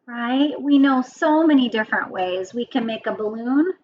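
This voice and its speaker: A woman teacher giving a children's lesson, speaking gently and often checking in with a question. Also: on the high side, lively intonation, normal speed, highs cut off, slight background noise. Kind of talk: children's lesson and storybook reading.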